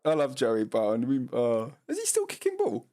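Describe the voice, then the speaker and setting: A man's voice: medium pitch, huge pitch swings, normal speed, mellow. A man commentating a sim race on his stream. He reads out chat messages and laughs often, and he does not pronounce his R's properly. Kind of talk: casual sim racing commentary.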